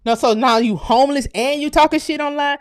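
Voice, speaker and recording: Profane ranting woman vlogger, higher voice. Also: brisk. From United States. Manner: profane, heated, swings from muttering to shouting. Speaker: channel host. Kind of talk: ranting commentary vlog.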